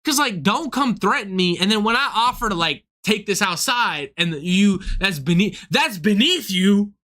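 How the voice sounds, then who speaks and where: Heated young man ranting, forceful voice. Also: high-pitched, lively intonation, moderate pace. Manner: profane, heated, swings into act-outs. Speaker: comedian streaming to viewers. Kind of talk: casual ranting monologue.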